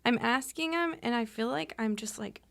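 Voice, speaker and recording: A woman's voice: on the high side, moderate pace, creaky, a crowd in the background. A woman sharing her marriage story in an interview, chiming in and finishing her husband's sentences. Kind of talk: candid personal testimony in an interview.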